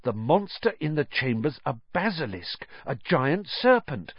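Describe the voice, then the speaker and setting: A man's voice: a little high, a little slow, husky, no room sound, muffled recording, pitched above the performer's own voice, full character voice. A man voicing an anxious, eager boy wizard of about twelve, piecing clues together urgently. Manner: urgent, excited working-out of clues.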